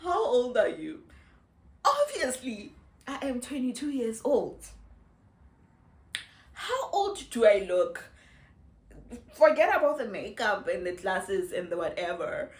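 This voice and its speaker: South African woman, 30s, unhurried and playful to-camera vlog talk, phone in an echoey room. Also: fairly high pitch, very animated. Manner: chatty and playful, laughing often. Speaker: vlogger. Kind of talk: casual chat to camera.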